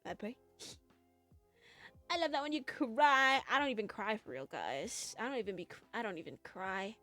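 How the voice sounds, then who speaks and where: A young woman chatting with her stream viewers in a playful, giggly, self-mocking way. Her voice sits fairly high and swings lively up and down. Soft music plays faintly underneath. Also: moderate pace. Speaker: VTuber streamer. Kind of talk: casual chat with stream viewers.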